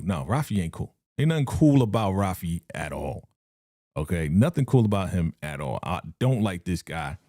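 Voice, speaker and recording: A man's voice: fairly low pitch, a little mellow, no echo, studio quality. A man streaming live as he reacts to a TV episode, talking casually with lots of slang, laughing and acting out the characters' lines.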